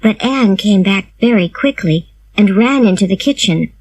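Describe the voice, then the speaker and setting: A woman reading a graded storybook aloud in a slow, clear and expressive storytelling manner. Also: medium pitch, low-quality recording. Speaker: reader. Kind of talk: graded reader narration.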